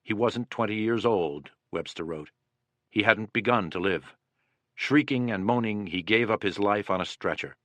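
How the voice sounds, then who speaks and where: A man reading the words of a soldier who writes of the war in a measured, somber way, close to his own voice. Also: on the low side, a bit bright, no room sound, close to an everyday voice. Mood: bitter. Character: reflective male soldier writing of the war.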